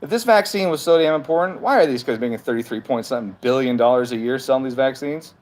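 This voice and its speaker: A man streaming from his home, reading viewer comments aloud and firing back at them. His talk is argumentative and full of swearing, in a mid-pitched voice. It is a loose, heated livestream rant. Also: fast, darkish tone. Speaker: livestream host reading chat.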